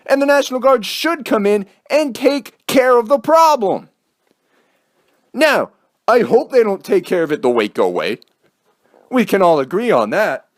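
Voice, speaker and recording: A young man giving casual, heated commentary in a sarcastic, ranting manner. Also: extremely high pitch. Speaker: vlogger.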